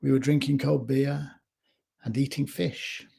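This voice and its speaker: A man speaking as a life coach in a slow, measured reflective talk, recorded in his home kitchen. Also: medium pitch, flat delivery, creaky, dark tone, slightly rough.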